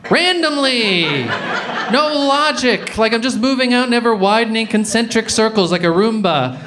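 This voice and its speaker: Stand-up comedian, deadpan with outbursts. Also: male voice, sits high, quick pace. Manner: deadpan storytelling with sudden loud outbursts. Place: comedy club stage before a live audience. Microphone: handheld stage mic. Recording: live club recording with crowd laughter. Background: audience laughter.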